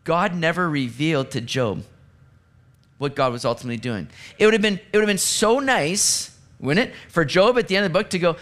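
Man, pastor, sermon, high-pitched, animated, acts out quotes. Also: a little fast. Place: church sanctuary.

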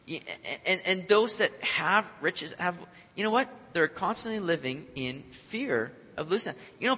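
A man's voice: a little high, pushed and bright, slightly rough. A man preaching a sermon with energy and joking with the congregation. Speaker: pastor. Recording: long hall reverb.

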